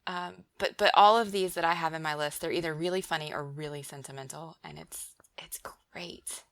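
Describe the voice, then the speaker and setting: Brief: woman podcast co-host, bright crisp voice, dry close recording, giggly and animated. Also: sits low, fast, dry recording. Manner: giggly, animated, quotes lines in silly voices. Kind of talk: casual chat.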